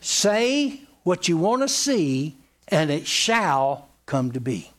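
A man with a high, sing-song voice preaches to his congregation. He swoops up and down through his pitch, drilling his points in with plain, homespun repetition. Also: sing-song, slow pace, a bit bright. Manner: emphatic, repetitive and folksy. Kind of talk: sermon.

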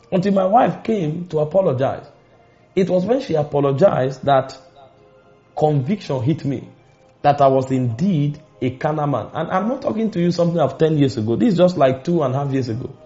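A man with a Nigerian accent preaching a sermon, telling personal stories with emphatic rises and dramatic pauses. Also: fairly high pitch, warm tone. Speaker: pastor. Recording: muffled lo-fi recording.

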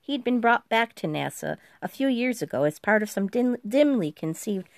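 A woman's voice: on the high side, animated, moderate pace, no room sound. Dry, close woman narrating. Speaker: audiobook narrator. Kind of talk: scripted narration.

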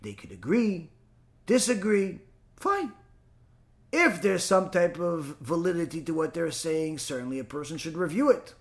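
A man giving a spoken religious lesson as a teacher, animated and full of rhetorical questions and mock back-and-forth dialogue. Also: a little high, normal speed.

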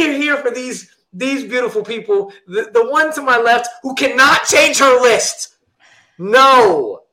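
A young man hosting a casual film panel show, talking in a playful, animated way. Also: sits high, poor audio. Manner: animated, playful, talks to camera. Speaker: host.

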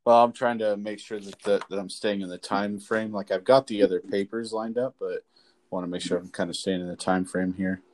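A man's voice: on the low side, brisk, low-quality recording. A man co-hosting a sports podcast over a remote call, talking casually and animatedly and filling his talk with "like". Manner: animated, says "like" often. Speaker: podcast co-host.

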